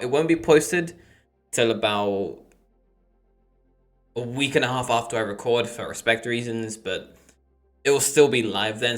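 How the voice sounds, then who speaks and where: Casual male streamer with a lowish voice. Loose reaction commentary with faint music underneath. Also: fairly bright tone. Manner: rambling, chatty asides to viewers.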